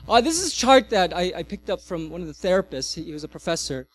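Animated, high-voiced male pastor preaching. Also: fast talker. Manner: animated, varies loudness widely. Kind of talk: sermon.

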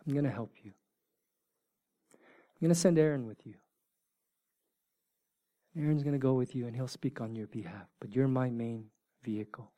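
A man's voice: medium pitch, normal speed, long pauses, dark tone, voice pushed down, lightly acted. A man voicing God as a patient, fatherly figure, reassuring and conversational. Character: patient fatherly male God giving instructions.

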